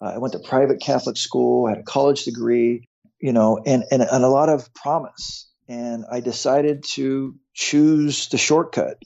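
A man's voice: mid-range voice, steady tone, moderate pace, creaky, darkish tone, dull audio. A man in his fifties, a podcast guest, earnestly telling his own story and often repeating words as he goes. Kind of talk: personal storytelling in conversation.

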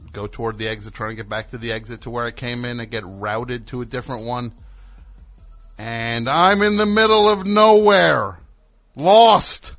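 A man telling a long story on a call-in show, exasperated and acting out what other people said. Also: lowish voice. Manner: animated, exasperated, acts out other people's lines. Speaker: caller.

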